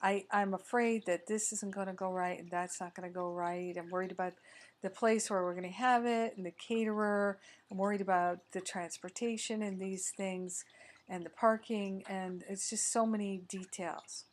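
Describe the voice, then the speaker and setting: A woman's voice: medium pitch, fairly even intonation, moderate pace, close to an everyday voice. A woman voicing an anxious wife in a spoken parable, fretting over party details. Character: worried wife planning her mother's party.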